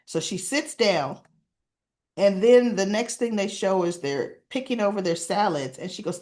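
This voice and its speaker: Slow-talking woman recapping a soap. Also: mid-range voice. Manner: animated, acts out quoted lines, talks to viewers. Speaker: soap opera recap vlogger. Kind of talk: casual spoken recap.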